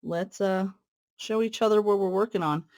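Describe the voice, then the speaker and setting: A woman talks casually to her viewers while she works on a cross-stitch piece. Her talk is friendly and rambling, full of fillers and asides. Now and then she pauses mid-thought as she threads and pulls stitches. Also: mid-range voice, darkish tone. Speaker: cross-stitch video host. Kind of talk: casual stitch-along chat.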